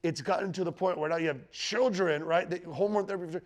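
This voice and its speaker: A man's voice: high voice, fairly quick. A man teaching the Bible about the end times to a live group, talking conversationally and checking in with his listeners. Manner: conversational, checks in with the room, quotes scripture with rising emphasis. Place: teaching room with a live audience.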